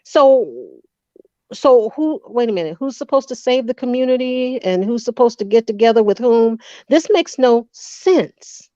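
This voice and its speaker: A woman's voice: a little high, unhurried, no echo. A woman speaking emphatically on a casual commentary panel. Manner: animated, emphatic. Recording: dull, dry lo-fi audio.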